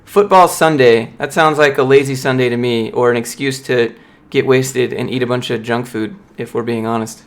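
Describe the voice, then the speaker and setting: A man's voice: medium pitch, fairly even intonation, normal speed, hardly any pauses. A young man on a casual livestream, reading and answering viewer chat in a blunt, motivational way. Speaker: streamer, software developer.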